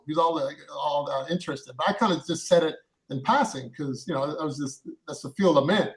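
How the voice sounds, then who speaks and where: Guy rambling through a story, kinda high voice, lots of ums and restarts. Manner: rambling, halting, with many fillers and restarts. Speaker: actor telling a story. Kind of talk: casual storytelling.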